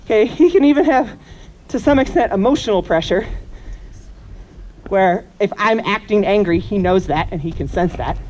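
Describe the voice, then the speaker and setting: A woman horse trainer giving a live teaching demonstration outdoors. She explains her method and coaxes the horse between her points. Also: medium pitch. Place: outdoor horse pen at a camp. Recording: noisy outdoor recording.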